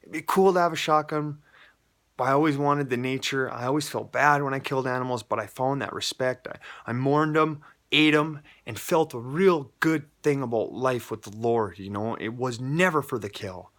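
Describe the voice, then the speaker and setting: A man's voice: mid-range voice, moderate pace, hardly any pauses, fairly bright tone. A man from North Dakota, giving an earnest, rambling personal faith testimony from the heart. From North Dakota, USA. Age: adult with a child. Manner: rambling, emotional, earnest, jumps between stories.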